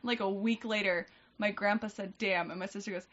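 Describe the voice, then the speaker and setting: A woman co-hosting a casual chat podcast, telling family stories with animated quoted voices and frequent laughter. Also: medium pitch, fairly quick, lo-fi sound. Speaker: podcast co-host.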